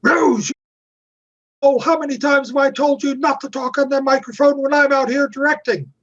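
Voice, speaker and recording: Man doing a shrill, yelling film director. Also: fairly even intonation, normal speed, dull audio. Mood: exasperated yelling. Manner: shrill, exasperated scolding. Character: irate male film director yelling across a set.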